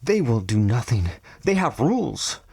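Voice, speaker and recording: A man's voice: medium pitch, sing-song, a little slow, creaky, darkish tone, breathy edge, no room sound, exaggerated voice. A man reading a novel aloud and voicing a protective village mother in a raised, urgent tone. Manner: pleading, urgent.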